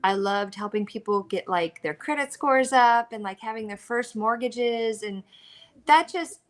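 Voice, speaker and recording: A woman's voice: fairly high pitch, a little slow. Chatty American woman telling a story. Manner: animated storyteller, acts out quoted lines. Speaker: co-host of a reseller live chat. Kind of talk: casual chat.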